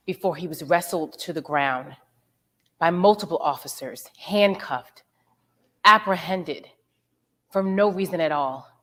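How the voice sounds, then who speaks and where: Low-voiced woman, grave tribute narration. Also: a bit bright. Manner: measured, grave delivery. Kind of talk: solemn scripted narration.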